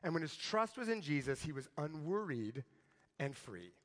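A man delivers a sermon as a relaxed, conversational story, tossing in "right?" to keep listeners with him. His voice sits high for a man. The sound carries a long reverb, as in a large hall. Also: normal speed. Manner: conversational, tag questions like "right?". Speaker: preacher.

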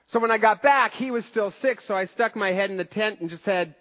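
A man's voice: high-pitched, brisk, a bit bright, long reverb tail, lo-fi sound. A man preaching a sermon, telling stories in an earnest, conversational way. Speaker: pastor.

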